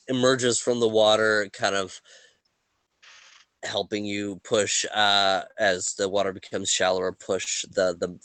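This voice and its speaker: A man narrating a tabletop game as game master, halting with fillers and restarts. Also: lowish voice, bright, forceful tone, smooth, no echo.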